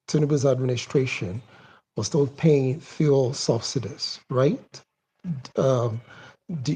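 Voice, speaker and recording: A man questioning another speaker in an online audio discussion, measured and halting, with many fillers. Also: mid-range voice, warm tone.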